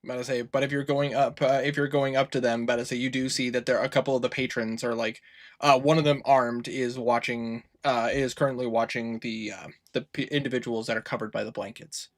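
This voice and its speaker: A man's voice: mid-range voice, steady tone, brisk. A man narrating as game master of a tabletop game, rambling and restarting, full of filler words, on a home microphone over a voice call.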